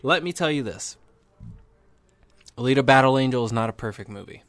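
A man's voice: mid-range voice, lively intonation, a little fast, no echo. A young man hosting a podcast, giving casual, enthusiastic movie reviews with lots of fillers and restarts. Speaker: podcast host.

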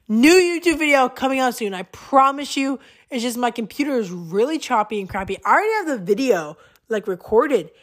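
A woman's voice: fairly high pitch, expressive, brisk. A young woman hosting her own podcast, talking casually and rambling with lots of fillers and self-corrections. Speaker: podcast host. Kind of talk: casual solo podcast monologue.

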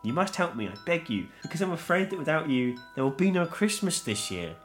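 A man's voice: a little high, big pitch swings, brisk, faint music behind, voice pushed up. A man reading aloud as a desperate letter writer who begs the listener for help. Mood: pleading.

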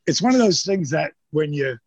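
A man's voice: on the high side, moderate pace, breathy edge, dry recording, dull audio. An older man, a former pro wrestler, telling rambling, profane stories as an interview guest, with lots of restarts. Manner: rambling, profane, animated storyteller with many restarts. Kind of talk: casual storytelling.

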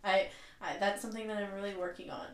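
A woman's voice: mid-range voice, fairly even intonation, fast talker, echoey room. A woman hosting a podcast, chatting casually, laughing often, in a reflective way. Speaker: podcast host. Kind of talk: casual chat.

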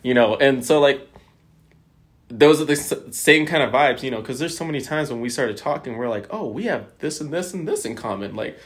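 A young man chatting casually with a friend, mid-pitched and talking in an easy, everyday way. He tells stories animatedly, swears freely and leans on filler words. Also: brisk. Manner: animated storyteller, acts out quoted lines. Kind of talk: casual chat.

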